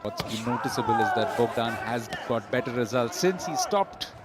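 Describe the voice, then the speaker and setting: A man commentating live on a boxing bout, giving measured, analytical play-by-play. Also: medium pitch, animated, a loud crowd.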